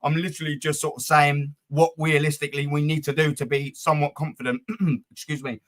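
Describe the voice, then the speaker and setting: A man's voice: fairly high pitch, little pitch movement, brisk, fairly bright tone. A young man hosting a live football fan stream, reading chat comments and talking bluntly with plenty of swearing, fillers and repeated words.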